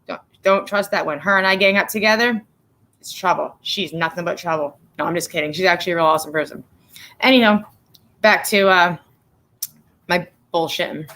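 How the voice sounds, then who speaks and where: A woman hosting her own livestream in a loose, unscripted way, stopping to greet viewers by name between stories. She is blunt and profane, and her voice is bright and forceful. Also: fairly low pitch, fairly quick. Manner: blunt, profane, talks straight to chat. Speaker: livestream host. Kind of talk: casual livestream chat.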